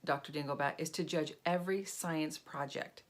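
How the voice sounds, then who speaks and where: A patient, friendly schoolteacher, read aloud by a woman. She sounds calm and steady, pitched slightly low. The delivery is a plain storybook voice. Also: normal speed, natural voice.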